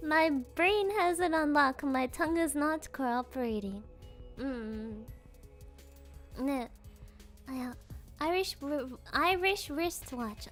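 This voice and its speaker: High-voiced playful woman streamer. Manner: playful, giggly, trips over tongue twisters; mixes in Japanese fillers. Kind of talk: casual stream chat.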